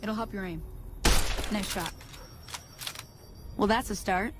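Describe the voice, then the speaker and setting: A woman's voice: mid-range voice, slow pace, loud music behind the voice, close to an everyday voice. A woman voicing a folksy, easygoing frontier woman in a game who teaches a newcomer to shoot. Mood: friendly. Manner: drawling, down-to-earth, easygoing. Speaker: game character, ranch hand guide.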